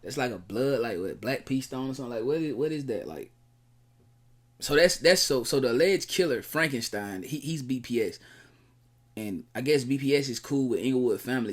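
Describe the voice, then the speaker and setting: A man's voice: mid-range voice, expressive, a little fast. A man co-hosting in casual chat, loose and slangy, hesitant at times. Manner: loose, slangy, hesitant, with bursts of loud laughter. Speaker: co-host.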